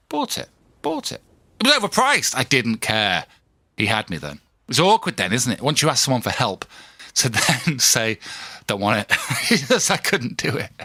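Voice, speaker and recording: A man's voice: mid-range voice, sharp tone, no echo. A man hosting a solo podcast, rambling in a chatty, self-deprecating way full of asides and restarts. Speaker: podcast host.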